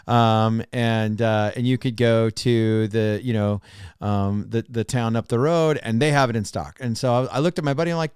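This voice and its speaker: A man co-hosting a podcast as a pastor, telling a long story in casual chat with many restarts and animated retellings. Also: mid-range voice, a little fast, clean tone, no echo, studio quality. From Oregon, United States.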